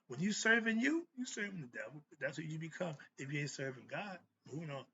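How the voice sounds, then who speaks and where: A man's voice: on the high side, expressive, a little fast, few pauses, sharp tone. A man talking casually on his own, loose and chatty, correcting himself as he goes. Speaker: host. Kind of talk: casual solo talk. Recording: dull lo-fi sound with faint noise.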